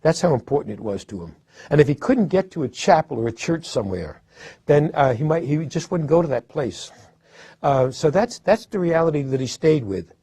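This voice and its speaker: A man's voice: on the high side, expressive, normal speed, warm tone, slightly rough, no echo. A man, a literary scholar, explaining a poet's life and work in a thoughtful lecture style, often restarting his sentences and leaning on stressed words. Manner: thoughtful, with frequent restarts and hesitations.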